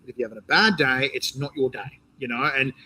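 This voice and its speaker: A man with an Australian accent hosting a casual interview, talking in a rambling, animated way with many restarts. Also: mid-range voice, quick pace, slightly rough, poor audio. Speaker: interview host and competition organizer. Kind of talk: casual interview chat, live stream.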